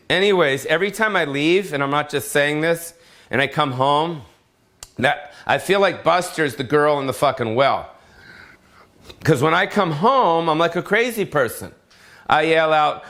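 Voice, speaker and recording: A man's voice: a little high, lively intonation, moderate pace, fairly bright tone. Brash, profane middle-aged male comedian. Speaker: comedian hosting his own show. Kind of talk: solo comedic rant. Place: home in Las Vegas.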